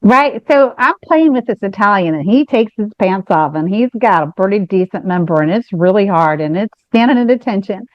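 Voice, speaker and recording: A woman co-hosting a podcast, telling a frank story in an animated, rambling way with many restarts. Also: mid-range voice, moderate pace, few pauses, no echo, lo-fi sound. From United States. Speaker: podcast co-host. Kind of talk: candid storytelling chat.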